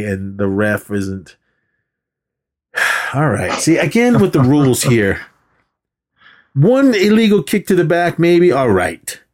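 A man co-hosting a movie podcast, retelling scenes in a casual, animated way and acting out the characters' lines with laughs. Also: fairly high pitch. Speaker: podcast co-host.

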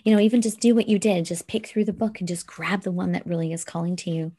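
Woman, podcast co-host, casual spiritual chat, encouraging, gentle, lowish voice. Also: fast talker, breathy edge. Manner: gentle, encouraging, reads a quote aloud.

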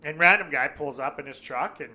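Bright-voiced, swearing storyteller man. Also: a little high, brisk. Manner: swears constantly, animated retelling with acted quotes. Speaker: storyteller in a chat. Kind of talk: casual chat.

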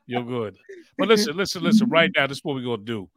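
A man's voice: medium pitch, sing-song, fast talker, low-quality recording. A man hosting a podcast in casual chat, hyped and repetitive, using street slang. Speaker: podcast host.

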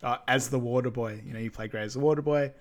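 A man with an average-pitched voice walking through the plot of a film on a podcast. He talks in an easygoing way, with fillers and the odd laugh. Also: quick pace. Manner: relaxed storytelling, with fillers and laughs. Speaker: podcast co-host. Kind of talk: casual film recap chat.

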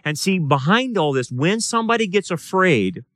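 Lively-voiced pastor teaching a Bible study. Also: male voice, high voice, moderate pace, dry recording. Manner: conversational Bible teaching with rhetorical questions; plays out voices in quoted dialogue. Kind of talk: sermon. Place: church or study room.

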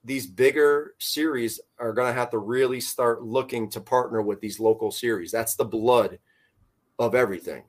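A man's voice: mid-range voice, normal speed. A man who founded a fishing tournament trail, chatting casually on a podcast in a rambling way. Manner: rambling, many fillers and restarts.

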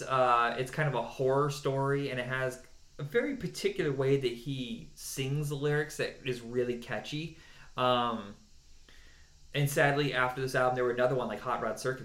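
A man chats casually as a podcast co-host and counts down songs with strong opinions. His voice sits in a middle pitch. The room around him is echoey. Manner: animated, opinionated, with mocking put-on voices.

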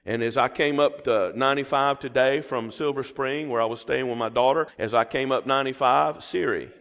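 A man's voice: medium pitch, fairly quick, fairly bright tone, clean tone. A middle-aged man with a Southern drawl delivers a sermon from the pulpit. His voice carries a long church reverb, and he keeps prompting the congregation to repeat after him. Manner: call-and-response preaching, prompting the congregation. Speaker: pastor. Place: church sanctuary.

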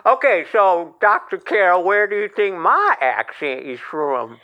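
A man's voice: high voice, sing-song, unhurried, highs cut off. A man voicing a humble, gushing Southern country fellow with an Ozark accent who rambles and stammers. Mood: folksy. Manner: rambling, stammering, self-deprecating. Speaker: honorary podcast member.

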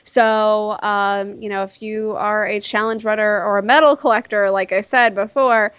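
A woman co-hosting a podcast in casual chat, chatty and quick to react. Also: mid-range voice, steady tone, fairly bright tone, clean tone, no room sound. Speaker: podcast co-host.

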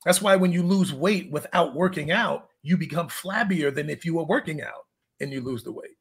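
A male fitness coach with a high, husky voice talks casually in an interview. He wanders through candid stories and laughs at his own jokes. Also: moderate pace.

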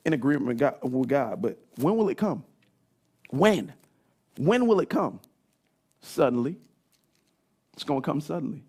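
A man in his thirties preaching a sermon, telling stories in an animated way that climbs into shouts. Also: medium pitch, husky. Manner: animated storytelling, rising to shouts. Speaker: pastor.

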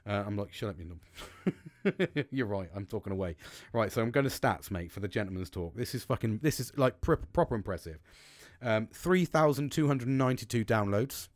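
A man's voice: fairly low pitch, fairly quick, no echo, clean studio sound. A man from England, hosting a casual solo podcast, talking bluntly and swearing freely as he rambles with restarts. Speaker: podcast host. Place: small wooden shed. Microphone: close podcast mic.

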